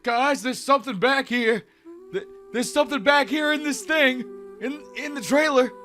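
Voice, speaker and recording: A man voicing a nervous young male dwarf wagon driver who stammers in a high, jumpy voice. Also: huge pitch swings, slow, darkish tone, soft background music. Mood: frightened. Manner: stammering, jittery.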